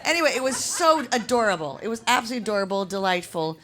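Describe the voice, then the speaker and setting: A woman hosting a live stage interview, chatty and animated with quick asides. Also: medium pitch. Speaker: host. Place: live venue with audience. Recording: live show with crowd and noise.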